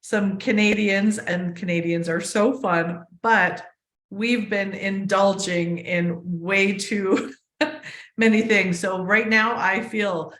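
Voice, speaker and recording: A woman's voice: medium pitch, fairly even intonation, takes it slowly, a bit bright. A woman hosting a podcast interview, playful and easygoing, chatting casually with her guest. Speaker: podcast host. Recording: roomy echo.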